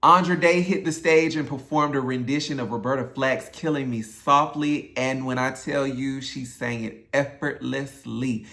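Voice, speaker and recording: A man's voice: medium pitch, steady tone, normal speed, hardly any pauses, pushed and bright. A man hosting his own channel, giving a casual, opinionated recap of an awards show and talking straight to his viewers. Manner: chatty and opinionated, addresses viewers directly. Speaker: YouTube host, singer.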